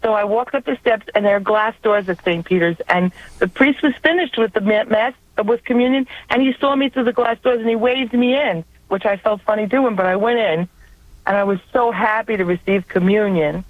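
A woman's voice: medium pitch, brisk, no echo. A woman with a New York accent calling in to a radio show, telling an earnest personal story. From Long Island, New York. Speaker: caller. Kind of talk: personal testimony on a call-in show. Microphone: telephone. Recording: tinny phone line.

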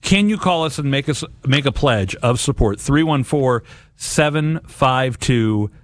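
A man's voice: medium pitch, animated, unhurried, no echo. A man co-hosting a radio fundraiser in a studio, making earnest appeals mixed with joking asides. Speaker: radio co-host. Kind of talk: casual fundraising radio chat.

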